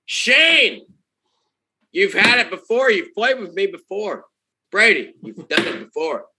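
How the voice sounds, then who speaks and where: A man's voice: high voice, big pitch swings, measured pace, bright, forceful tone, slight background noise. A man in casual podcast chat, pushing his friends to play a game with him tonight. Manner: pushy, rallying friends. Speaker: podcast co-host.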